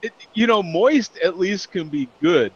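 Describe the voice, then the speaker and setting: A man's voice: high voice, animated, a little slow, breathy edge, no echo, muffled recording. A man hosting a casual beer chat show, laughing often and joking as he reads out tasting notes. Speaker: podcast host.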